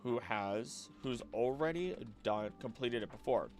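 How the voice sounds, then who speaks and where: A man's voice: medium pitch, expressive, unhurried, soft background music. A young man streaming late at night, chatting casually and thinking aloud, often restarting his sentences and drifting off topic. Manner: rambling, easily distracted, musing aloud with many restarts.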